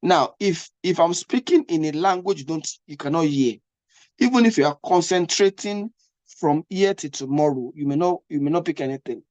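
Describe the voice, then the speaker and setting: The recording is dry and muffled as a man with a slightly high, darkish voice coaches for an English test at normal speed. He sounds animated, often repeating himself, restarting awkwardly, and asking whether the listener is keeping up.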